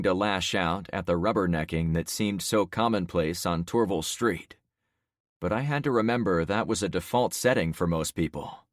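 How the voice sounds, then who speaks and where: A man narrating a first-person audiobook with lively, dramatic storytelling. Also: low voice, normal speed, dry recording, studio quality.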